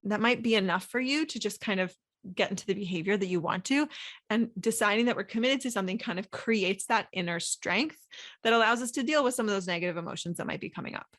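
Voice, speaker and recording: A woman's voice: medium pitch, fast, fairly bright tone. A woman hosting a solo coaching podcast, talking casually with many fillers and acting out inner thoughts. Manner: chatty, lots of "like" fillers, acts out inner voices.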